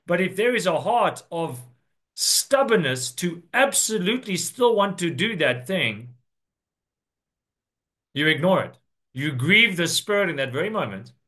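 An earnest male preacher delivering a sermon, his voice sitting a little higher than most men's. He stretches out key words for emphasis as he works through scripture verse by verse. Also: very animated, unhurried, sharp tone.

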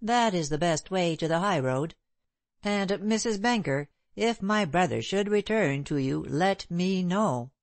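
A woman reading the part of a proud, bitter gentleman who speaks in a sneering, clipped way. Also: lowish voice, expressive, measured pace, no echo. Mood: scornful. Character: proud bitter middle-aged gentleman, scornful.

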